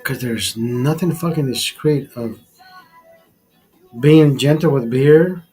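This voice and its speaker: A man's voice: mid-range voice, slow pace, dark tone, breathy edge, faint music behind, poor audio. A man hosting a casual drinking livestream, tipsy, talking in a rambling, profane way and restarting his words. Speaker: livestream host.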